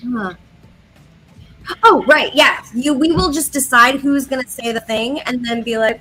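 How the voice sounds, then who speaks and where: A woman's voice: high-pitched, unhurried, sharp tone, slightly rough, faint music behind, poor audio. A woman co-hosting a casual book discussion podcast, playful and blunt, laughing often. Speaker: podcast co-host.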